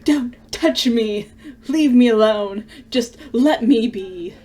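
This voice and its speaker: A woman voicing a theatrical male prosecutor villain in a video game, loudly faking grief and outrage. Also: on the high side, slow pace. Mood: melodramatic. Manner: melodramatic, overblown outrage.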